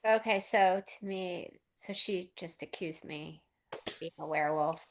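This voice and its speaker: A woman's voice: fairly low pitch, measured pace, a little hiss or hum. A woman playing an improv comedy game over a video call, protesting her case. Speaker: improv player.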